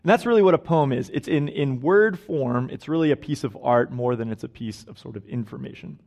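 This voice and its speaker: A man's voice: mid-range voice, a little fast, vocal fry, a little mellow. Chatty, self-mocking young male preacher. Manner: chatty and self-deprecating, laughing at his own stories. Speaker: guest preacher. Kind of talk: casual conversational sermon. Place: church sanctuary.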